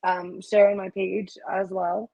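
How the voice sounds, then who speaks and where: A woman's voice: medium pitch, flat delivery, a little slow, gravelly, mellow, dry recording, dull audio. A woman guest on a podcast, chatting casually and thanking people. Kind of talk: casual chat.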